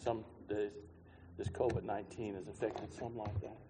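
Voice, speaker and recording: A man preaching a sermon, moving from quiet musing to loud, shouted passages, and singing a hymn line along the way. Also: fairly low pitch, flat delivery, moderate pace, noisy background. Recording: long hall reverb.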